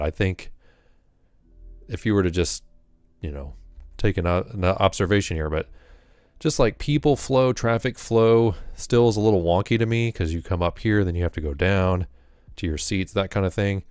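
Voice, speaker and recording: A man's voice: deep voice, normal speed, no echo, studio quality. A man chatting casually during a live stream, rambling and correcting himself, a little out of breath after exercise.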